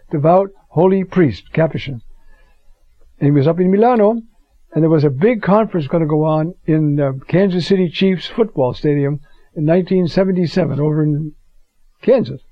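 A man's voice: sits high, dry recording. An older man giving an informal Bible lesson. He tells personal stories in a folksy way and keeps asking "you see?". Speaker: Bible teacher. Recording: dull lo-fi dry recording.

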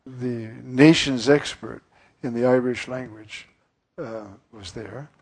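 Male priest preaching slowly; gravelly, husky tone, earnest and musing. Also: medium pitch, fairly even intonation. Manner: earnest, musing, with frequent fillers. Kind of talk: sermon.

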